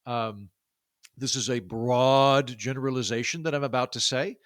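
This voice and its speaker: A man with a baritone voice talks through his ideas as a podcast guest, circling back with fillers and quick restarts. He is from Oklahoma. His voice sits at an everyday middle pitch, recorded close and dry with no room sound. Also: dry recording. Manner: chatty, many fillers and restarts. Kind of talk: casual interview talk.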